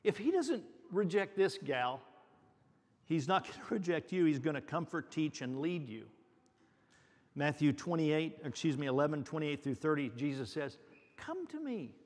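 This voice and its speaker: Male pastor, fairly high voice, unhurried earnest sermon, long church reverb. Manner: earnest, repeats words for emphasis. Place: church sanctuary.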